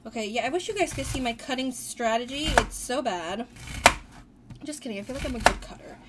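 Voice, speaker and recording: A woman's voice: a little high, expressive, brisk. Chatty young woman cooking at home. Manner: chatty, dramatic, prone to playful complaining. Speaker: co-host of a cooking podcast. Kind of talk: casual kitchen chat while cooking. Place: home kitchen. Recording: noisy home kitchen recording.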